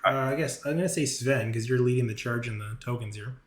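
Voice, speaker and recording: A man narrating a tabletop game as game master, measured and descriptive. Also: medium pitch. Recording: roomy echo.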